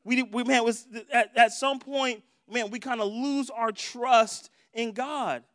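A man's voice: very high voice, steady tone, slow pace, fairly bright tone, dry recording, studio quality. A young adult man preaching a sermon in a conversational way, acting out prayers in different voices. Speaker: pastor.

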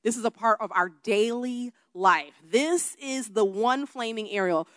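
A woman who is a worship leader preaching a sermon to a congregation, switching between soft talk and loud shouted emphasis. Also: on the high side, unhurried, no room sound. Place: church room with a congregation.

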